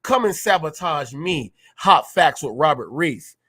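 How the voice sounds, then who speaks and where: In a heated rant on his own live stream, a male host goes after his viewers combatively, repeating phrases for emphasis. He speaks at a measured pace in a fairly high, animated voice that's a bit bright and slightly rough.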